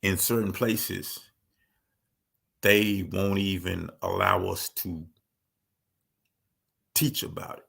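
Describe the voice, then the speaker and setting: A man's voice: low-pitched, fairly even intonation, takes it slowly, creaky, pauses often, fairly bright tone. A man speaking in an emphatic commentary monologue who repeats key phrases for stress.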